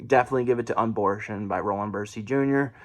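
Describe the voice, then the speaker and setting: Reviewing a horror book from home, this man speaks fast in a lowish voice. He's briefly out of breath, rambling along, laughing a lot and correcting himself.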